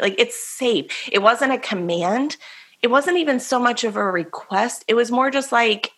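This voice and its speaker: A woman on a faith podcast speaks with a bright, crisp tone at a middle pitch. She tells her story earnestly and casually, often poking fun at herself. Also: fairly quick. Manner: earnest storytelling, self-deprecating. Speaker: podcast co-host.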